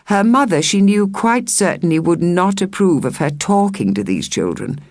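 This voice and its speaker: Woman audiobook narrator, low-pitched voice, expressive storytelling, dry close recording. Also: moderate pace, no echo. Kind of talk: scripted narration.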